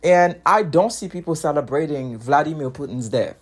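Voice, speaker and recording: A man's voice: fairly high pitch, animated, normal speed, husky. A man, an immigrant with a foreign accent, giving a heated casual opinion monologue. He repeats himself often and breaks into short laughs between points. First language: not English. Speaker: commentator.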